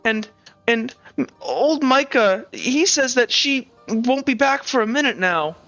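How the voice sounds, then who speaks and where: Brief: streamer doing a stammering, wide-eyed village girl, high and bright, over slightly dull stream audio. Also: slow pace, soft background music. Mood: awestruck. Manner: stammering, breathless excitement. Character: awestruck little village girl.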